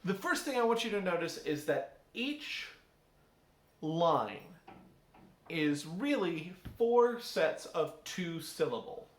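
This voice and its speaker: A male English teacher reads a poem aloud to his class and explains it conversationally, often checking in with "right?" His voice is a little high and very animated, with a slow pace. The recorded lesson carries a roomy echo.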